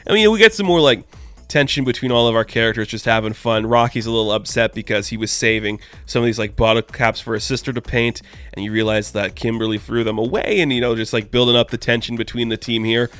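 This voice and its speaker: A man's voice: medium pitch, fast, fairly bright tone, smooth, faint music behind. A man giving a casual comic book review, chatty and loose, full of "like" and "you know".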